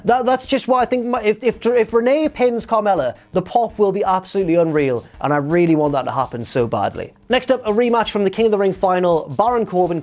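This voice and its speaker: A man's voice: fairly high pitch, a little mellow. A man giving a casual, chatty review, with wry and sarcastic asides. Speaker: wrestling show reviewer.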